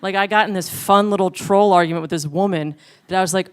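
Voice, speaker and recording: Animated woman with a smooth voice. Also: mid-range voice, quick pace. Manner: animated, acts out exchanges. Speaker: comedian panelist. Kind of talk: panel discussion.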